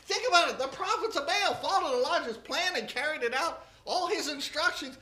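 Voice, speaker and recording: Animated, high-pitched preacher. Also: fairly quick, few pauses. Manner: animated storytelling with humor. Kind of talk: sermon. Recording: roomy echo.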